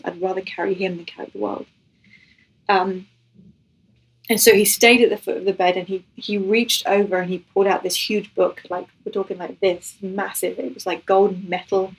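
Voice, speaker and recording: A woman with a husky, breathy voice recounts a personal faith testimony as an interview guest. She speaks at an ordinary pitch and tells her story earnestly and with feeling, acting out the dialogue as she goes. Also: low-quality recording. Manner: earnest, emotional storytelling that acts out what was said.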